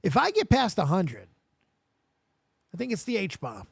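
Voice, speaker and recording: A man's voice: high voice, wildly swooping pitch, moderate pace, vocal fry, husky, dry recording, clean studio sound. A man hosting a podcast in casual chat, rambling, swearing and mocking himself. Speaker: podcast host.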